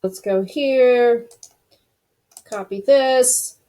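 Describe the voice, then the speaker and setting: A woman's voice: a little high, very slow, mellow. A woman hosting a casual screen-recorded web design tutorial, chatty and thinking aloud as she clicks through each step.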